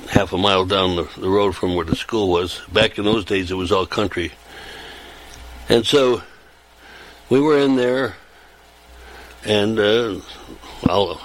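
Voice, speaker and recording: An older man in his seventies with a fairly low voice talks on in a loose, rambling monologue. He circles back, repeats words and restarts sentences as he goes, in an unhurried, conversational delivery. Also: fairly bright tone, low-quality recording. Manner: meandering, repeats and restarts phrases.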